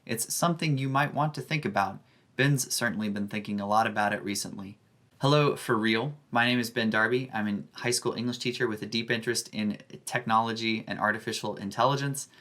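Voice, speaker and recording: A man, a high school English teacher, giving a scripted academic presentation with a careful, measured delivery. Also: a bit bright.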